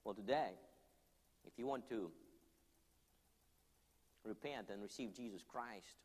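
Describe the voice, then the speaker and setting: A man's voice: on the low side, slow pace, slightly rough. A man preaching an altar call, earnest and pleading, leading the congregation in prayer line by line. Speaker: pastor. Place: church hall. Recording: long hall reverb, soft music behind.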